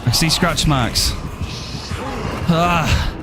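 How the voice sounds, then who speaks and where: A man's voice: on the high side, extremely slow, over music. A young man streaming a game, joking around and swearing casually as he plays. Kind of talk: live gameplay commentary.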